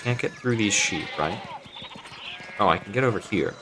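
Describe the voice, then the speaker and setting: A man with a very low voice talks his way through a story game, reading its text aloud and thinking out loud between lines. He often trails off into fillers and restarts, casual and unhurried. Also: expressive, background noise. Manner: musing aloud with frequent fillers. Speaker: gaming channel host. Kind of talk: let's play commentary, reading dialogue aloud.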